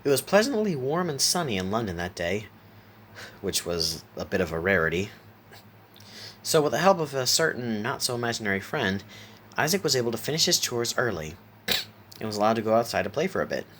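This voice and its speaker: A man narrating a horror story aloud in a steady reading voice, sometimes stopping to correct a word. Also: medium pitch, moderate pace, long pauses, slight background noise.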